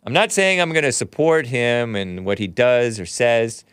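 A man's voice: medium pitch, big pitch swings, normal speed, fairly bright tone, smooth, dry recording, studio quality. A male talk show host riffing casually, joking asides to viewers and reading out chat comments.

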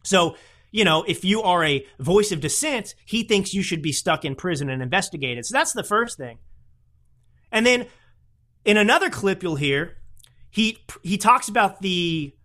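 Animated, combative male podcast host. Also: sits high, normal speed. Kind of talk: opinionated political commentary.

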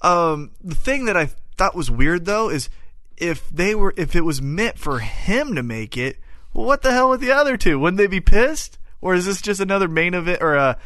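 Man, podcast co-host, chatty opinions, bright tone, dry sound. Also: sits high, sing-song, moderate pace, dry recording. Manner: chatty opinions with fillers and trailing asides. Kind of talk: casual wrestling talk.

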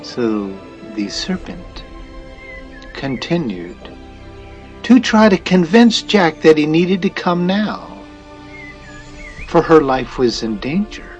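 Slow, lively male storyteller. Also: fairly high pitch, lo-fi sound, faint music behind. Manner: slow, expressive reading. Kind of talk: storybook narration.

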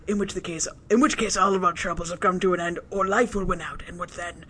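A man's voice: high voice, steady tone, fast talker, sharp tone, slightly rough, heavily acted. A man voicing a scheming male schemer in a put-on Irish accent, murmuring out of the side of his mouth. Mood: conspiratorial.

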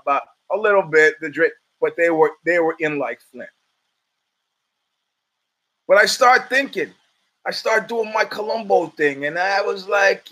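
Animated, rambling male podcast host. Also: high-pitched. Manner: rambling and animated, with many restarts and stammers. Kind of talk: casual monologue.

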